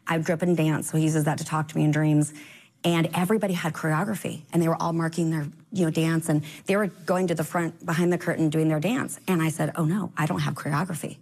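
A woman with a slightly low voice tells her faith story in an easy conversational way. She is earnest and encouraging, and her voice leaps high whenever she acts out what someone said. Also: fast talker. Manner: animated, acts out quoted dialogue with sudden high pitch jumps. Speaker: guest. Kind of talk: casual faith testimony.

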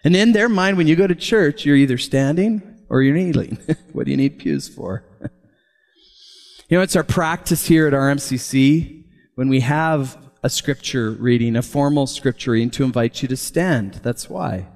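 Animated male pastor preaching in reverberant church. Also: mid-range voice, normal speed. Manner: animated, chuckles often. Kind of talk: sermon. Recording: long hall reverb.

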